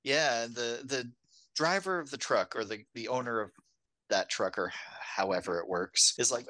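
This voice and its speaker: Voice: medium pitch, normal speed, sharp tone, dry recording. Wry podcast co-host, dry close sound. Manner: wry, jokes through plot recaps, laughs often. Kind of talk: casual film discussion.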